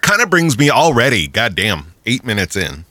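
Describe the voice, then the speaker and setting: A man hosts a loose podcast chat with a bright, forward voice, cursing freely and laughing through his rants. The sound is close and dry, with no room around it. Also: medium pitch, very animated, normal speed, dry recording. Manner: profane, ranting, laughs often. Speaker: podcast host.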